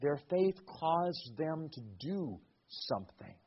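A man's voice: on the high side, very animated, slow pace, husky, muffled recording. A man preaching a sermon. His cadence rises and falls, and he repeats words as he builds a point. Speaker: pastor.

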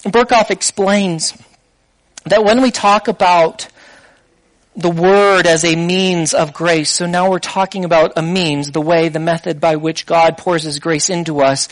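A man delivers a sermon in a high-pitched voice, recorded close and dry. He keeps the tone conversational and draws listeners in with rhetorical questions. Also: no room sound, low-quality recording. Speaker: preacher.

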